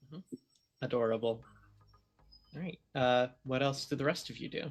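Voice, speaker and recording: A man narrating as game master of a tabletop role-playing game, often pausing with fillers as he describes the scene. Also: mid-range voice. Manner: hesitant, filler-heavy narration.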